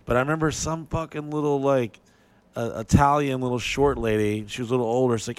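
A man's voice: mid-range voice, fast, clear, resonant tone. A man hosting a podcast, telling crude stories in casual chat with lots of profanity. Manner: profane storyteller, animated impressions. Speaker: podcast host.

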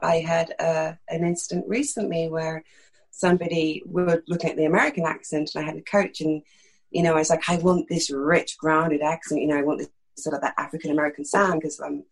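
A middle-aged actress from East London with a slight lisp, telling frank, animated stories in a candid interview. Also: female voice, low-pitched, breathy edge, low-quality recording. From East London, England. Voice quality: slight lisp that sometimes creeps in. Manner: frank, animated storytelling with many fillers.

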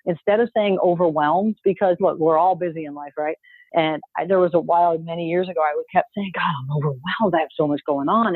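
A woman's voice: fairly low pitch, breathy edge, dry recording. A woman coach giving an upbeat, emphatic motivational talk, coaxing listeners to repeat phrases after her, heard over a call. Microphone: call audio. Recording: dry tinny phone-like call audio.

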